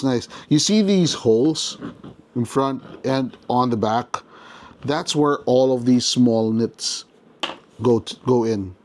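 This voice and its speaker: A man talking through a toy unboxing in a loose, chatty way, with a voice of middling pitch. He is excited about small details, stops often to restart a thought, and talks straight to his viewers. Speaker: toy reviewer. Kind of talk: casual unboxing commentary.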